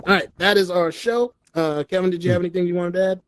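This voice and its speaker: A man hosting a casual comedy podcast from a virtual reality space, animated and jokey, acting out quoted voices. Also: high-pitched, fast, clear, resonant tone, dry recording. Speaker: podcast co-host. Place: virtual reality meetup, recorded remotely.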